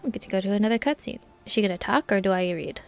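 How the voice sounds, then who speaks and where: A woman hosting a gaming channel, commenting casually and excitedly while she plays, often laughing. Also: mid-range voice, very fast, creaky, dry recording, faint music behind. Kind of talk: casual let's play commentary.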